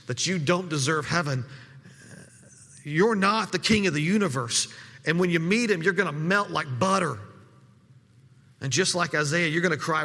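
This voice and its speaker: A man's voice: fairly high pitch, a bit bright, in a large hall. A man preaching a sermon in a conversational way, often repeating words as he restarts his sentences. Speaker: pastor.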